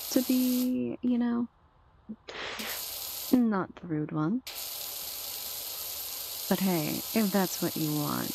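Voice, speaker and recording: A young woman chats softly with her viewers over an ASMR gaming stream, teasing them in an unhurried, laid-back way. Her voice sits low and drags along slowly with plenty of vocal fry. A steady wash of noise and game spray sounds runs behind her. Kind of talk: soft-spoken ASMR gaming stream chat.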